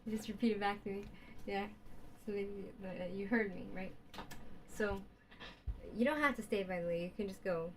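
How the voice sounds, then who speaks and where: A woman's voice: mid-range voice, moderate pace, a little hiss or hum. A woman in a rambling, casual monologue who repeats herself, keeps asking her listeners questions, and sprinkles in Yiddish and Hebrew words.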